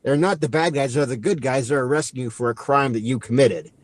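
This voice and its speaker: A man co-hosting a podcast, casually recapping a movie in a rambling way and acting out lines as he goes. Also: medium pitch. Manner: rambling, acts out lines with quick asides. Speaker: podcast co-host.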